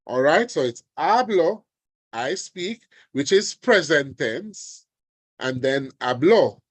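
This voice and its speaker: A man teaching an online exam revision lesson, deliberate and often checking in with his students. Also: medium pitch, lively intonation, no echo. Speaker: language teacher. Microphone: video call.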